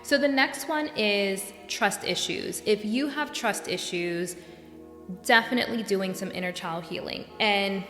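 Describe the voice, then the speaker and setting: Young woman from new york doing a solo podcast, earnest, gets all fired up, roomy echo and soft music behind. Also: mid-range voice. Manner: earnest, gets worked up and animated. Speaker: podcast host and coach. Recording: echoey room with long reverb.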